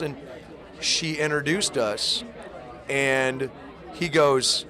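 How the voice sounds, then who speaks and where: A man's voice: mid-range voice, takes it slowly. Enthusiastic man telling a story over crowd noise. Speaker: musician. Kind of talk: storytelling interview.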